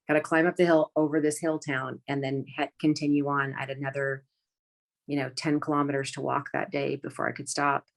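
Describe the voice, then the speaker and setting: A woman guest telling a personal story in an earnest, halting way, often restarting her sentences. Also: sits low, creaky. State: close to tears. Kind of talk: conversational storytelling.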